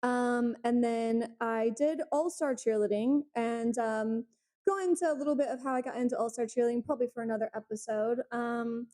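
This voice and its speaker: A Texan woman in her thirties chats on a podcast from her couch at home. Her voice sits a touch high yet sounds mellow and warm. A slight lisp softens her direct, storytelling delivery. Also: moderate pace. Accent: Texan American. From Texas, United States. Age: 30s. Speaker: podcast co-host. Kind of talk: casual chat.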